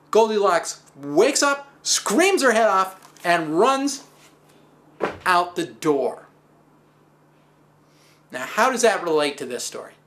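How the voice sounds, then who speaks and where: A man with a voice that sits high hosts a stand-up style physics talk. He tells stories full of wry, animated asides and self-deprecating humor.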